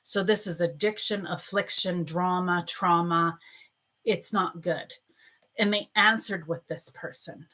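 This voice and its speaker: A woman's voice: lowish voice, a little slow, pushed and bright, poor audio. A woman hosting a live stream as a psychic reader, chatting and greeting viewers by name between angel card readings.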